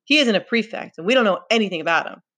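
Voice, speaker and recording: A woman voicing a proud, aggressive boy who leads the hunters in a read-aloud novel, making forceful, accusing declarations. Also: medium pitch, animated, fast, voice pushed up.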